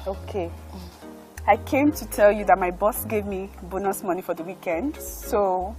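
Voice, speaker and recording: A woman's voice: mid-range voice, a little slow, a little mellow, faint music behind, close to an everyday voice. A woman with a Nigerian English accent playing a devoted, pleading girlfriend in a film drama. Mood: soothing. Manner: pleading, emotional.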